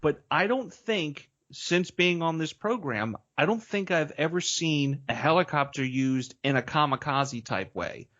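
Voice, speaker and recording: A man's voice: fairly high pitch, measured pace, few pauses, a bit bright, highs cut off. A man appearing as a guest on a film podcast, chatty and opinionated, talking in a loose, slangy way. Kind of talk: casual film-review chat.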